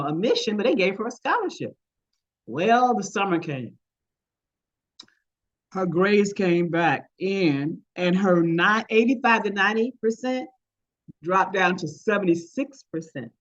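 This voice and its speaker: An older woman leads an online workshop, moving from advice to anecdotes and putting on voices for the people in her stories. Her pitch sits in the middle range. The video-call audio sounds a little dull. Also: expressive, measured pace. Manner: storytelling, acts out quoted voices. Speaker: workshop presenter, retired math teacher.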